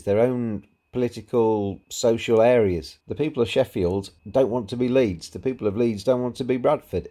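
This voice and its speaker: A man's voice: fairly low pitch, warm tone. A man from Yorkshire hosting a podcast, delivering an opinionated rant in a solo monologue. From Yorkshire, England. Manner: opinionated, ranting. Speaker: podcast host.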